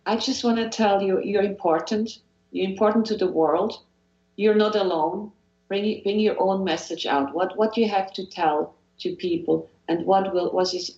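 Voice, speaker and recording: An unhurried Swiss woman with a lowish, darkish voice talks earnestly as a guest hypnotherapist in a motivational interview, often repeating phrases and restarting sentences. Her recording is lo-fi with a roomy sound.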